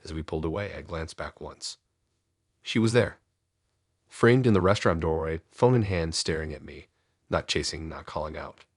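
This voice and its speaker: A man narrating a first-person horror story in a low, measured, ominous storytelling voice. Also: slightly rough, no echo, studio quality.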